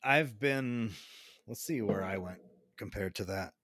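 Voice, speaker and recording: Slow-talking American man, low voice. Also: fairly bright tone, no echo, studio quality. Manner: casual, curious questioner, swears casually. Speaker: podcast host. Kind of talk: casual chat.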